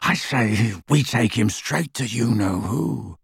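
A man's voice: medium pitch, expressive, slow, dry recording, clean studio sound, exaggerated voice. A man voicing a menacing, brutish male werewolf thug who growls and snarls his words. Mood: gruff. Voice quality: gravelly, husky. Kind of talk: audiobook character voice.

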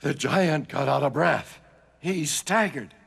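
A man telling a folk tale with animated delivery, sound effects and sudden shouts. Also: fairly high pitch, takes it slowly, creaky, slightly rough. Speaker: storyteller. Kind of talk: folk storytelling with banjo. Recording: banjo music under the voice.

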